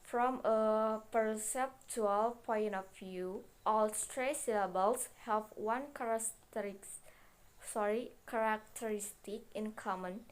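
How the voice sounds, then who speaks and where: A woman's voice: medium pitch, steady tone, takes it slowly, clear, resonant tone. A young woman, a native Indonesian speaker, reading a class presentation carefully, with restarts and self-corrections. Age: young adult. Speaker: student presenter.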